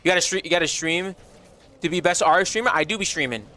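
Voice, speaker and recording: Young male streamer, bright and slightly high, slangy chat-reading energy. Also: fast talker. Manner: animated, slangy, reads chat aloud. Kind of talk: casual livestream chat.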